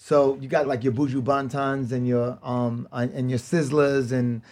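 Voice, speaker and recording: A man's voice: medium pitch, level tone, normal speed, darkish tone. A man from the West Indies, a guest on a podcast, talking in a loose, laid-back way with lots of fillers and chuckles. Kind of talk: casual podcast chat.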